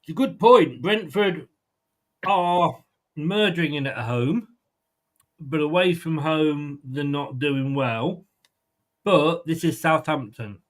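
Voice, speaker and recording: A man's voice: fairly high pitch, takes it slowly, long pauses. A man hosting a football prediction show, chatting casually and rambling with frequent ums and restarts. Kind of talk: casual chat.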